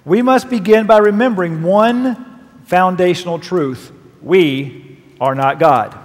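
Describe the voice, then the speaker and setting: A male pastor preaching a sermon, reading scripture verses aloud with emphatic, lively delivery. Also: sits high. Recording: long reverb of a large hall.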